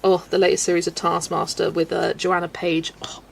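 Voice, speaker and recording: Brisk and creaky, this woman's fairly low voice barely moves in pitch. As a colouring livestream host, she chats casually through live comments and laughs often, with faint background noise in the recording.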